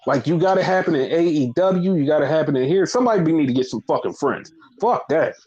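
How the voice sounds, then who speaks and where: A man recapping a wrestling show in an animated, profane voice that swings widely in pitch. The sound is dull and lo-fi. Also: quick pace. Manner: animated, profane, acts out quotes in high voices. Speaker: podcast co-host. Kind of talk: casual wrestling recap chat.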